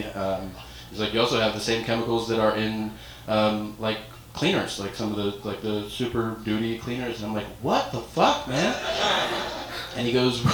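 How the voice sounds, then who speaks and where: A man doing stand-up, telling a story with casual swearing and deadpan delivery that jumps into loud mock voices. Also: on the low side, noisy background. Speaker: stand-up comedian. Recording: echoey venue with crowd laughter.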